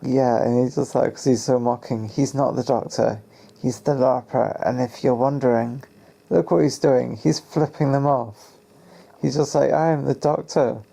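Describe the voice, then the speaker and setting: A man's voice: mid-range voice, steady tone, normal speed, vocal fry, dark tone. A man giving casual, playful commentary on a TV episode, spinning fan theories and acting out characters' lines.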